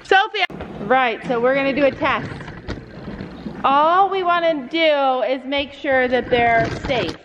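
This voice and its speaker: A woman's voice: sits high, takes it slowly, fairly bright tone. A woman vlogging casually at a horse barn, chatting to viewers and soothing her horses. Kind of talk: casual vlog talk to camera. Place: horse barn and trailer, outdoors. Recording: slightly dull sound with faint noise.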